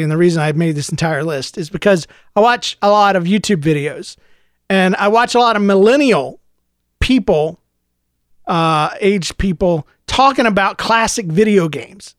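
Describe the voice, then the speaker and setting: A middle-aged man hosting a solo podcast, mock-ranting tongue in cheek in a low-key, unhurried way. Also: a bit bright, no echo, studio quality. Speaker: podcast host.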